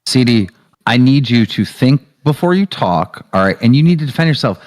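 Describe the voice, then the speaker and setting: A man on a video call with a middle-pitched voice, stepping in to calm the shouting. He explains things steadily and keeps steering everyone back to the facts. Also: normal speed. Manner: calming, tries to steer the talk. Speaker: moderator. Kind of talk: casual chat.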